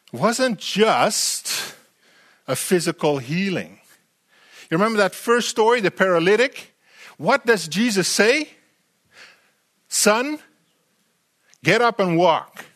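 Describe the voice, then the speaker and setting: A man preaching a sermon, animated and full of rhetorical questions to the congregation, often repeating words as he restarts. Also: high-pitched.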